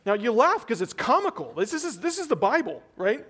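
A man's voice: high voice, very animated, a little slow, long pauses, a bit bright, a little hiss or hum. A male pastor preaching a sermon, retelling a story in a conversational way and acting out the characters' voices.

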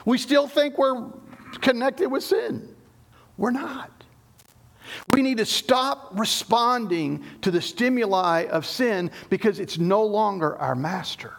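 A man's voice: sits high, slow pace, gravelly. A middle-aged man preaching a sermon, explaining scripture emphatically and often restarting his sentences. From Southern United States. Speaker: pastor.

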